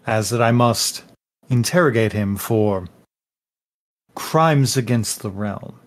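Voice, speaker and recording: A man's voice: fairly low pitch, animated, takes it slowly. A man voicing a pompous, self-serious male investigator with a stiff, formal way of speaking. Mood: haughty.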